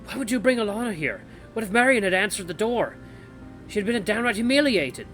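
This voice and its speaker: Flustered young man, stammering and jumpy, pitch leaping around, as a man plays him. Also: animated, brisk, a bit bright, soft background music. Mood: urgent. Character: flustered young man covering for his girlfriend.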